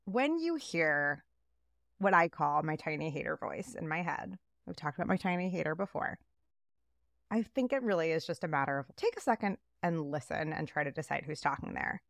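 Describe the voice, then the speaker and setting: A woman co-hosting a casual podcast chat, talking in an animated way and acting out the voices she quotes. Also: deep voice, moderate pace, vocal fry, dry recording, clean studio sound. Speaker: podcast co-host.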